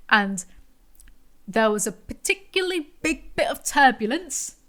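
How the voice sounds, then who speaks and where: A woman hosting a podcast, telling a story in a rambling, animated, self-mocking way. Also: a little high. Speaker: podcast host. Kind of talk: casual storytelling monologue.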